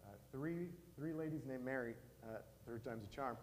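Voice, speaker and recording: A man's voice: mid-range voice, moderate pace. A pastor, a man in his thirties, preaching a sermon as a casual retelling, acting out dialogue with many fillers. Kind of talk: sermon storytelling. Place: church sanctuary. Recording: long church reverb, faint ambience.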